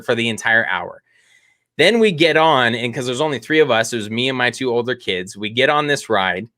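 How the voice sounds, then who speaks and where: A middle-aged man tells a rambling, self-mocking story to his podcast co-host and laughs along the way. His voice has a bright, forward tone. The sound is dry and close, with no room around it. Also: medium pitch, no room sound. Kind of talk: casual storytelling.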